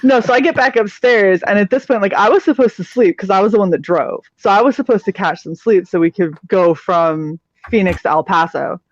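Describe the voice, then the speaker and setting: A woman co-hosting a live stream, telling a long story in a casual, profane, animated way and acting out the people in it. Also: medium pitch, brisk, hardly any pauses, no echo, dull audio.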